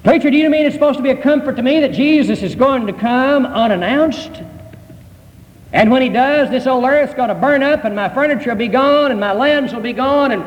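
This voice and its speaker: A man's voice: extremely high pitch, fairly quick, big-room sound, dull audio, pitched above the performer's own voice. A man voicing a worried churchgoer who anxiously protests to the preacher. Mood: fretful. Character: fretful churchgoer dreading the end of the world.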